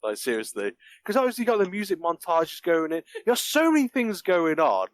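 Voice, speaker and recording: A man's voice: sits high, huge pitch swings, a little fast, no room sound. A man chatting casually on a podcast, laughing often and acting out movie lines in mock voices. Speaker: podcast guest reviewing a film. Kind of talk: casual chat.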